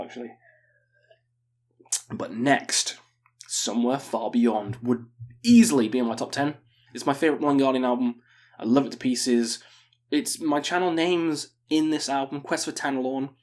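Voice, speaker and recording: A man in his thirties chatting casually as a metal music video host, cursing and joking with enthusiasm. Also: mid-range voice. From England. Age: 30s. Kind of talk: casual album-review chat.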